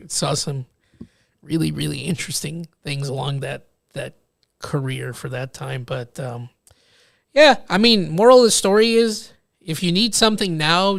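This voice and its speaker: A young man hosts a casual podcast chat, spinning animated anecdotes and slipping into the voices of the people he describes. His voice sits a little high with a gravelly edge. The sound is dry and close. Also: moderate pace, dry recording. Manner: animated storyteller acting out quoted people. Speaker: podcast host.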